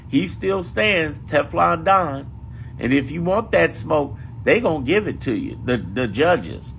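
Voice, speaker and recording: A man's voice: fairly high pitch, gravelly, fairly bright tone, slight background noise. A man giving casual political commentary, emphatic and profane, repeating his points for effect.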